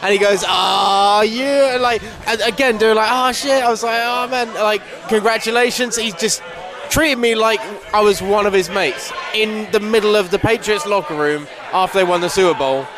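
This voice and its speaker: A man telling an excited story in casual chat with friends in a pub, acting out the quotes. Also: high-pitched, brisk. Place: busy pub. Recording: noisy crowded pub. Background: pub crowd chatter.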